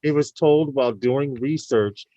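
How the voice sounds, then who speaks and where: A man's voice: medium pitch, measured pace, mellow, dry recording, muffled recording. A man co-hosting a casual live talk show, telling stories in a chatty way. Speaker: co-host.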